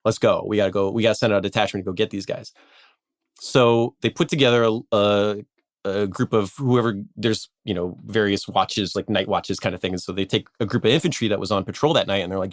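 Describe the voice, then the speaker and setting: A man casually telling a history story on a podcast, animated, acting out quotes and laughing often. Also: on the low side, a little fast, no echo, studio quality.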